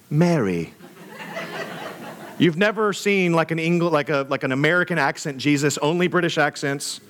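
A young man, a pastor, preaching a sermon in a conversational way with jokey asides and animated emphasis. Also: high voice.

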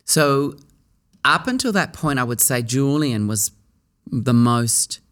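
A middle-aged man from Australia, a theatre actor, recalling his early career in a reflective interview, talking in a musing way with restarts and pauses. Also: mid-range voice, animated, fairly bright tone.

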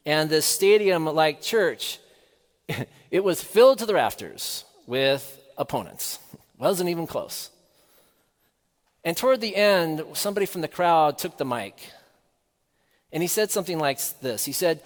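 A man preaching a sermon in a measured, earnest way, asking the listeners rhetorical questions. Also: fairly high pitch, animated, long reverb tail.

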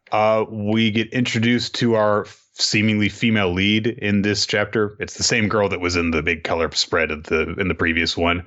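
A man's voice: lowish voice, moderate pace, few pauses, muffled recording. A man co-hosting a podcast, casually recapping manga chapters and acting out lines as he goes. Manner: animated retelling, acting out quoted lines. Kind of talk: casual chat.

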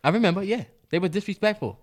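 A man co-hosting a casual sports podcast, blunt and swearing in animated banter. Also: high-pitched, fast. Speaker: podcast co-host.

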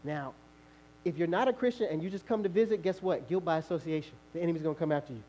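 A male pastor preaching a sermon, telling a lively personal story, acting out the voices of others and laughing often. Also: a little high, fast talker, slight background noise, low-quality recording.

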